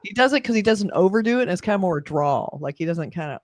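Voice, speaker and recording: A woman's voice: lowish voice, fast, no echo, studio quality. A woman co-hosting a casual movie trailer reaction, talking eagerly and laughing often. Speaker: co-host reviewing a trailer.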